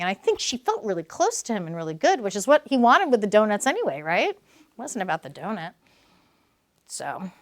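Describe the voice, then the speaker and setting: A woman in her fifties giving a public talk as a clinical social worker. Her voice sits at a middle pitch, and she speaks in an animated way, laughing often as she acts out dialogues.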